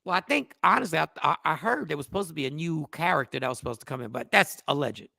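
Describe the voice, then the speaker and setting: A man with a high, gravelly voice talks in a casual chat and tells his stories with lots of animation. His tone is bright and forceful, and now and then he bursts out in a shout. The recording is dry and close. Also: lively intonation, quick pace, no room sound. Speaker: podcast co-host.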